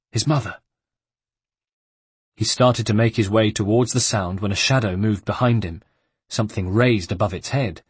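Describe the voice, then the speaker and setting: A man reading a novel aloud as an audiobook narrator, in a steady measured way. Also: on the low side, breathy edge, no echo.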